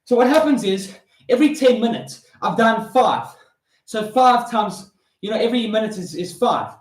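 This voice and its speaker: A man's voice: sits high, sing-song, moderate pace. Hyped, breathless young man, heavy swearing. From South Africa. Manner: loud, hyped, heavy swearing, counting reps aloud. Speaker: vlogger. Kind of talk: motivational rant while doing push-ups. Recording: roomy echo.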